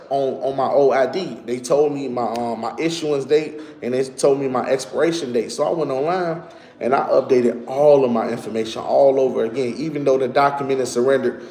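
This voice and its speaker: A man's voice: mid-range voice, darkish tone. A man explaining things to his viewers in a casual monologue. He talks conversationally, repeats his points and speaks to the audience directly. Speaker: online commentator. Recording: echoey room.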